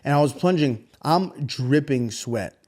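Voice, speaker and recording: A man in his thirties co-hosting a podcast, telling a story in casual, profane chat and acting out the voices with big jumps in pitch. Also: lively intonation, measured pace, a little mellow. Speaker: podcast co-host.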